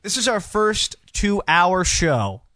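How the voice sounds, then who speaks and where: A man's voice: high-pitched, big pitch swings, slow, bright, forceful tone, no room sound, studio quality. A young man hosting a casual radio show, teasing his co-hosts and rambling with restarts. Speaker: host.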